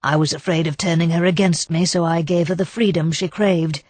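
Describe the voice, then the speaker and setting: A woman reading an audiobook, voicing a shy, grieving older man who speaks softly and apologetically. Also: lowish voice, fairly even intonation, fairly quick, close to an everyday voice. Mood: mournful. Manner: soft, apologetic, subdued. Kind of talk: audiobook narration.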